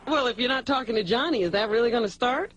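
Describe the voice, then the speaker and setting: A co-host on a radio talk show who comments in a dry, skeptical way. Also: male voice, extremely high pitch, fast, fairly bright tone, dull audio, a little hiss or hum.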